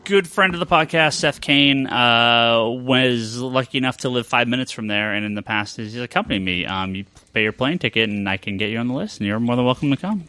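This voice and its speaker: A man hosting a casual podcast chat, talking shop as a comic book retailer and rambling with lots of filler pauses. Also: medium pitch, pushed and bright, clean tone.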